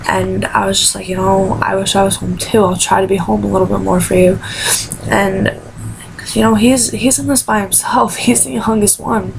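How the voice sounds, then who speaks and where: A woman's voice: mid-range voice, fairly even intonation, normal speed, gravelly. A teenage girl telling a personal story in an emotional vlog, tearful and rambling. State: crying. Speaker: vlogger. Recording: noisy home recording.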